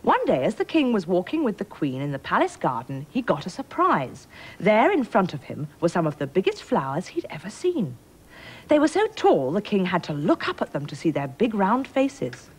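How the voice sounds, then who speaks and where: A woman presenter narrating a children's storybook in an expressive, storytelling manner. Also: medium pitch, moderate pace, husky.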